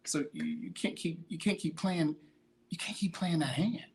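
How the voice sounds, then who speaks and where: A man's voice: on the high side, normal speed. Emphatic slangy man preaching fitness. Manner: greets viewers by name mid-talk. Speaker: podcast host, fitness motivator. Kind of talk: motivational monologue.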